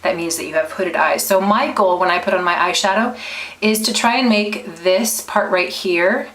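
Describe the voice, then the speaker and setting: A woman's voice: mid-range voice, moderate pace, a bit bright. A woman giving a casual makeup tutorial, chatty and explaining each step with small restarts. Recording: roomy echo.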